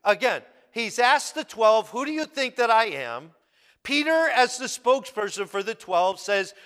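A man preaching a sermon, speaking slowly and with emphasis and repeating key words as he explains a passage. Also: extremely high pitch, very animated, bright, forceful tone, smooth, big-room sound. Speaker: pastor.

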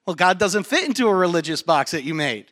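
A male pastor preaches a sermon in a church sanctuary, his voice high, bright and forceful. He's brisk, animated and jokey, telling stories directly to his congregation.

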